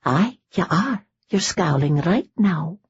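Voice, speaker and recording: A woman's voice: medium pitch, animated, normal speed, breathy edge, dull audio. A woman voicing a cheerful, teasing young noblewoman who speaks earnestly. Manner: bright, teasing, solemn at times.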